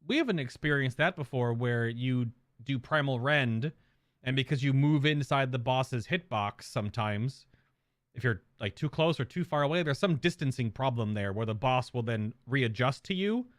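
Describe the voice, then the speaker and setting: A man streamer chats through a casual reaction to a video, rambling and amused. His voice sits in an ordinary middle pitch and sounds dry and close. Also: expressive, moderate pace, no room sound.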